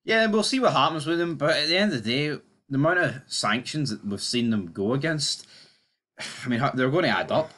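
A man's voice: on the high side, lively intonation, a little fast, fairly bright tone. A Scottish man co-hosting a football show, bantering and teasing his co-host in casual chat.

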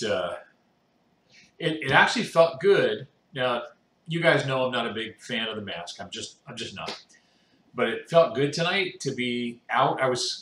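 A man's voice: mid-range voice, a bit bright. A man chatting casually to his viewers. He rambles with many fillers, and he is exhausted and yawning. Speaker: video blogger with cancer. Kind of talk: casual chat to camera. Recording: roomy echo.

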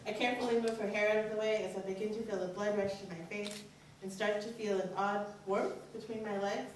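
A woman's voice: steady tone, brisk, slight background noise. A young woman performing a candid personal story live on a college stage, her voice jumping up on anxious inner questions. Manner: earnest, candid, pitch rises sharply on anxious inner questions. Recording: very echoey hall, voice from far off.

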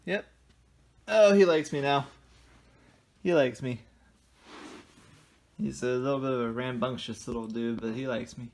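A young man vlogs casually at home, moving through the house, basement and backyard while laughing and sweet-talking his cat in playful baby talk. His mid-range voice has a darkish tone, and he speaks unhurriedly with frequent pauses.

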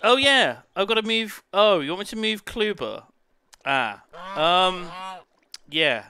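A man hosting a live gaming stream, excitable and laughing, swearing freely as he chats. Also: high voice, slow. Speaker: streamer host.

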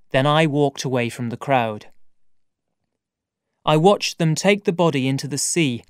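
A man reading an audiobook in a measured, deliberate storytelling manner, close to a studio mic. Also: fairly high pitch, darkish tone, clean tone, dry recording. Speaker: audiobook narrator. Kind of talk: scripted narration.

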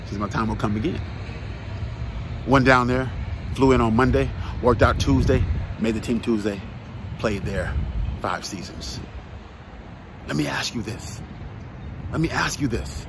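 A man's voice: medium pitch, measured pace, vocal fry, long pauses, noisy background. A man, a former football player, giving an emphatic motivational talk, repeating key phrases and asking the listener direct questions.

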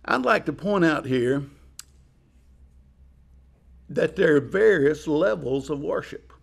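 Measured chapel preacher, man. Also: a little high, expressive, creaky. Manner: measured, explaining with pauses. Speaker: chapel speaker. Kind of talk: sermon.

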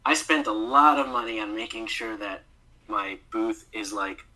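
A man's voice: fairly low pitch, a little slow, bright, forceful tone, poor audio. A man, a guest voice actor, chatting casually on a podcast, laughing often and filling his speech with "like".

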